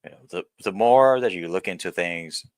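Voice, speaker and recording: Blunt, profane man with a deep voice. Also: moderate pace, dry recording. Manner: blunt and profane, rambling with restarts. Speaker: vlogger. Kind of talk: candid personal vlog rant.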